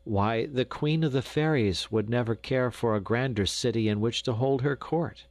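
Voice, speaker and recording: A man reading a classic children's novel aloud as audiobook narrator, with expressive storytelling delivery on a close studio mic. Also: mid-range voice, moderate pace, no room sound.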